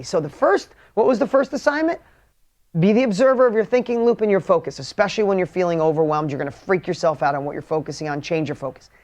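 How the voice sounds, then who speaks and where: Delivering a motivational speech to a crowd, a high-voiced man is blunt and energetic. His lines swing from loud and emphatic to hushed.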